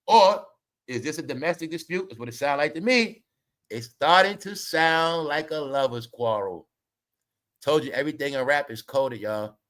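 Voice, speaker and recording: Animated man hosting gossip commentary. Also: a little high, moderate pace. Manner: animated, mocking, laughs often, addresses viewers as y'all. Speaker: commentary show host.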